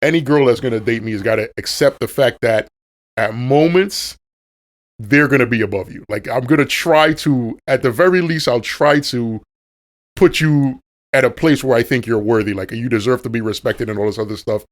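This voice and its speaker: A man's voice: medium pitch, moderate pace. Blunt man laying out his views. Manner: blunt, firm, speaks his mind. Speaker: podcast co-host. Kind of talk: casual chat.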